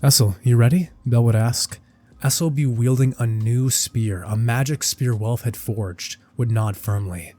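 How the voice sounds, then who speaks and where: A man's voice: medium pitch, steady tone, measured pace, dark tone. A man narrating a dramatic anime fan-fiction story with intense storytelling that rises and falls with the action.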